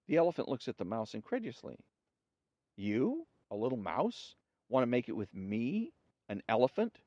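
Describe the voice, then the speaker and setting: A man hosting a show, reading jokes aloud in a relaxed storytelling way and acting out the characters' lines. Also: mid-range voice, normal speed, dry recording, lo-fi sound. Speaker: host.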